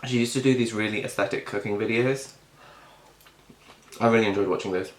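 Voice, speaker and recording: Brisk and fairly low-pitched, with fairly even intonation, a young mukbang vlogger rambles between bites, leaning on fillers and speaking with food in his mouth. There's slight background noise, and the room sounds echoey.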